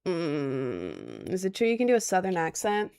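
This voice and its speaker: A woman's voice: fairly low pitch, huge pitch swings, normal speed, gravelly, a little mellow, smooth. A woman of about twenty from Maryland, chatting casually on a livestream and answering chat with lots of ums. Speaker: livestream host.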